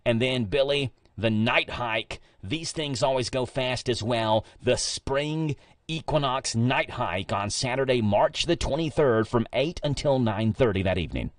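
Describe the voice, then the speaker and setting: Kentucky male host, mid pitch, joking and casual, slightly distant from the mic. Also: a little slow, dry recording, clean studio sound. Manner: chatty, jokey, stumbles over fancy words. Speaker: radio show host. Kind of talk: casual radio interview.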